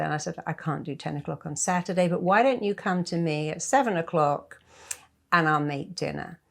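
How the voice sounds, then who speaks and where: An older woman, a therapist, giving advice and acting out little dialogues in different voices. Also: on the low side. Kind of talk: advice talk to camera.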